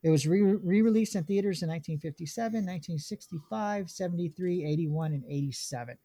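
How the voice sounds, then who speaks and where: Guy hosting a chill podcast, kinda high voice, reads his notes with lots of ums, super dry sound. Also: fairly quick, warm tone, no echo. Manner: reads notes aloud with many ums and restarts. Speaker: podcast host. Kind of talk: casual podcast chat.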